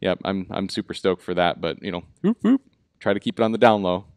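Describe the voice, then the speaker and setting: A man's voice: deep voice, sing-song, brisk, vocal fry, darkish tone, no echo, clean studio sound. A man with a Minnesota accent hosting a live online talk show, chatty and upbeat, with lots of fillers. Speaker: host. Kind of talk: casual live show chat.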